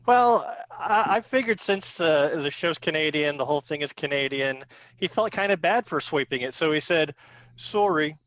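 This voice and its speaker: A playful male panelist with a bright, very animated voice that rises and falls as he sets up a joke. The sound is dry and close. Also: a little high, normal speed, no echo, low-quality recording. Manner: playful, builds up to punchlines. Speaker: comedy game panelist. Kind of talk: joking game show answer.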